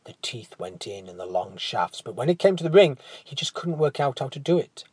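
A man narrating a storybook tale in a hushed, dramatic manner that often drops to a whisper. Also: mid-range voice, big pitch swings, fairly quick, slightly rough, dry recording.

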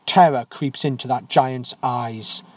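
A man narrating a fairy tale in a gentle, unhurried storytelling manner. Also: mid-range voice, steady tone.

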